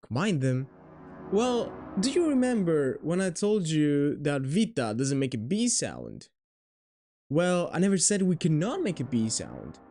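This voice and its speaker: A man's voice: fairly high pitch, darkish tone. A man giving a playful, jokey video lesson on his alphabet, swearing now and then. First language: Greek. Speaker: language teacher.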